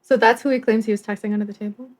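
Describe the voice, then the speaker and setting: A woman co-hosting a podcast, firing off quick, incredulous follow-up questions in casual chat. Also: a little high, steady tone, darkish tone. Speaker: podcast co-host.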